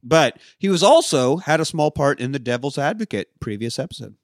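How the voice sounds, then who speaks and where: A man's voice: fairly high pitch, big pitch swings, brisk, no echo, studio quality. A man hosting a casual movie-review podcast, talking loosely and swearing and laughing often. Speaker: podcast co-host.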